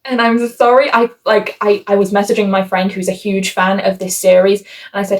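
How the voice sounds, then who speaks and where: A woman talking through a book review in a loose, rambling vlog manner. She pokes fun at herself as she goes and slips into animated voices whenever she quotes someone. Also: mid-range voice, moderate pace, few pauses. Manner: chatty, rambling, self-mocking; animated voice shifts for quoted asides.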